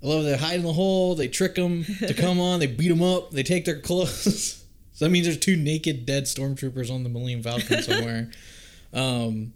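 A man in casual movie watch-along chat, animated and profane, jumping into quick put-on voices for the characters. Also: on the high side.

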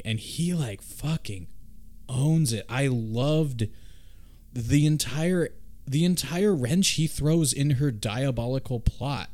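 A man hosting a casual film discussion, talking in an animated, rambling way and swearing freely. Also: mid-range voice, takes it slowly.

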